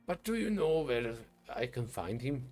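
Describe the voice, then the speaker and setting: A man's voice: medium pitch, sing-song, a little slow, darkish tone, faint music behind. A man playing a blunt dwarf investigator. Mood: impatient. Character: stern male dwarf investigator.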